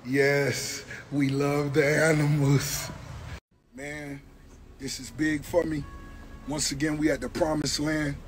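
A middle-aged man chatting casually and excitedly outdoors on a farm, cooing affectionately at his animals and hyping them up in heavy slang. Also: fairly high pitch, slow pace, over music. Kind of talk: casual hype chat. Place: outdoors on a large farm by a gate.

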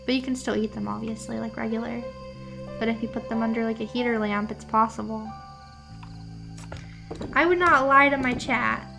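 A woman's voice: a little high, vocal fry. A young woman streaming a farming game, chatting playfully with her chat, using gamer slang and sounding sleepy. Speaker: VTuber streamer. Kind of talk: casual gameplay chat. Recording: game music playing behind.

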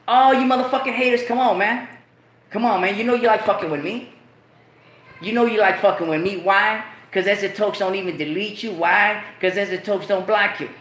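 A man's voice: high-pitched, a little fast, a bit bright, reverberant. A man hosting his own show in a casual rant, full of profane street slang and repeated lines. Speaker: show host.

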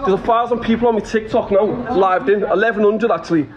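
A man's voice: high voice, fast talker, dull audio, crowd noise. A Liverpudlian man live-streaming a street confrontation on his phone, blunt and swearing. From Liverpool, England.

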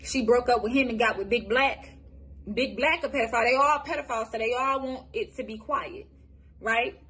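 A woman's voice: a little high, fairly bright tone. A young woman from Michigan, telling her own life story to the camera in a blunt, profane way, often stopping and restarting. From Michigan, USA. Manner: candid, profane, halting with restarts. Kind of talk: personal testimony, casual storytelling.

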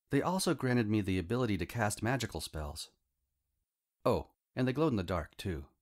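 Low, lively male audiobook narrator. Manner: wry, humorous storytelling as a teenage wizard. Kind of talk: first-person scripted narration.

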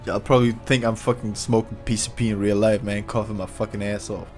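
A man giving casual, excitable, profane commentary while playing online ranked fighting-game matches. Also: fairly low pitch, moderate pace. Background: fighting game music and sound effects.

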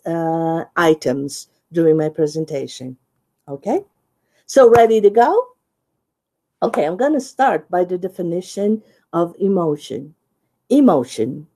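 A woman with a Brazilian accent presents at a teaching conference, speaking slowly and explaining step by step. Her voice is mellow and dark, sitting a little low, and she keeps checking in with her listeners with "right?" and "okay?". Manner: explanatory, with many "uh" pauses.

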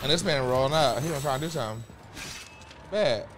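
A young man streaming a game, talking in a flamboyant, sassy, profane way with sudden loud outbursts. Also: medium pitch, quick pace, noisy background. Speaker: gaming streamer. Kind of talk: casual gameplay commentary.

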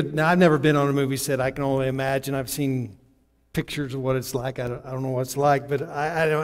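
A man preaching a sermon in a church, telling a story in a loose, conversational way with halting restarts. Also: on the high side, a little mellow. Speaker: guest preacher. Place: church sanctuary. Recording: long hall reverb.

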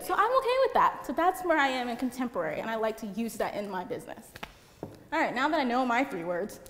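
A loud, chatty woman from Puerto Rico giving a seminar talk to photographers, using a handheld mic and saying "like" a lot. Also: high-pitched, long reverb tail, a little hiss or hum. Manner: chatty, lots of "like". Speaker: seminar speaker. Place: seminar room with an audience.

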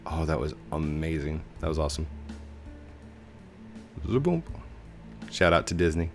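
A man casually commentating a video game he plays, goofing around with silly sound effects and sudden high yelps. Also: completely flat delivery, quick pace, faint music behind. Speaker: gaming YouTuber. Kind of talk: casual let's-play commentary.

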